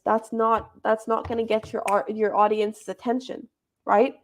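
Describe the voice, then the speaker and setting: Leading a debate workshop, a young woman sets out how debates get judged, her teaching casual and conversational. Her voice is fairly high, level in tone, and moves at a moderate pace.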